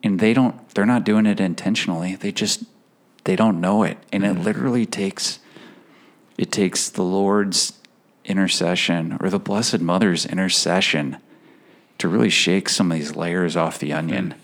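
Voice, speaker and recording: Earnest low-voiced man telling a personal story. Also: steady tone. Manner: earnest, emotional storyteller who laughs between phrases; halting, with restarts and fillers. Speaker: podcast guest. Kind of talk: personal faith story in a conversational interview.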